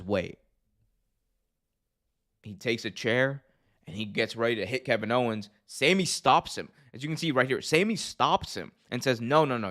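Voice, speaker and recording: A man hosting a podcast, casually recapping a wrestling event in an energetic storytelling way with many fillers and restarts. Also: on the low side.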